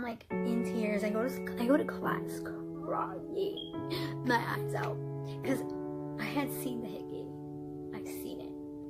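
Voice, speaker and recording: A young woman vlogger telling a storytime casually, animated, dropping into whispers and laughs, with a breathy voice. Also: a little high. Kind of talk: storytime vlog, casual retelling.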